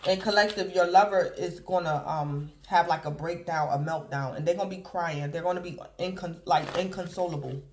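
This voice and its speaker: A man's voice: a little high, fairly quick, hardly any pauses, noisy background. A man giving a casual, rambling tarot reading to his viewers, addressing them again and again as "collective". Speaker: tarot reader. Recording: roomy echo.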